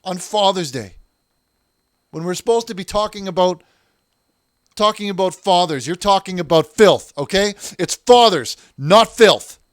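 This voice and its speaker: A man's voice: high-pitched, unhurried, dry recording, studio quality. Self-righteous male call-in host. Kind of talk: comic call-in show hosting.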